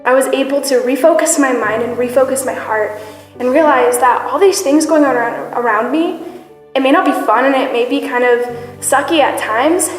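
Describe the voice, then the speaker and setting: A young woman with a fairly high voice speaks earnestly in a personal testimony, pausing on fillers as she goes. Her voice rings through a large echoey hall with a long reverb tail. Soft music plays faintly underneath. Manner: earnest, candid, with frequent fillers. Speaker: church member giving testimony. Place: church hall.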